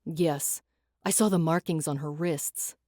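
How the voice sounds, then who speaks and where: A woman voicing a gruff young male fae smuggler who talks low, clipped and urgent. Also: fairly even intonation, measured pace, darkish tone, dry recording, clean studio sound. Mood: tense, hushed.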